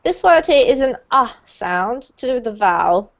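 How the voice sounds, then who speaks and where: A woman's voice: a little high, very animated, moderate pace. A woman teaching English pronunciation to an online group class, encouraging and praising her students. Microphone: video call. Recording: muffled lo-fi video call audio.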